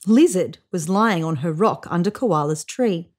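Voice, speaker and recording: Lively woman reading a children's story. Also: lowish voice, unhurried. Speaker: children's book reader. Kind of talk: read-aloud storybook narration.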